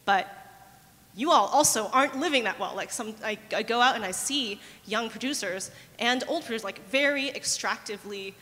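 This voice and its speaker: A woman's voice: a little high, normal speed, a bit bright, long reverb tail. A woman speaking on a conference panel, thoughtful and hesitant, with many fillers.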